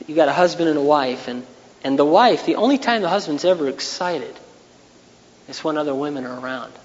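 A man preaching a sermon in an earnest way, now and then rising into loud, raised passages. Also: a little high, in a large hall, highs cut off. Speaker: pastor.

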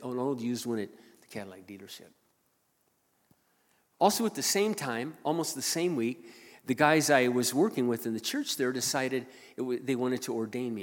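A male pastor tells a personal story from the pulpit in an animated way, rising loud and then dropping to a hush. His voice sits at an ordinary middle pitch and trails a long reverb through a large hall. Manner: animated, swings from loud to hushed. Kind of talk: sermon storytelling.

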